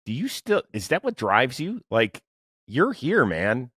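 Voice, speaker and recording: A man's voice: medium pitch, wildly swooping pitch, unhurried, a bit bright, slightly rough, dry recording, studio quality. A middle-aged man hosting a podcast, chatting casually and telling stories with animation. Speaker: podcast host. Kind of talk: casual interview chat.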